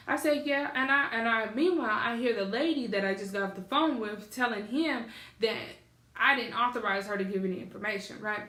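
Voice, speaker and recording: Woman, casual storytelling, fairly high voice, roomy echo, animated. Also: a little fast. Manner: animated, acts out both sides of phone calls. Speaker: vlogger. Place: at home on her couch.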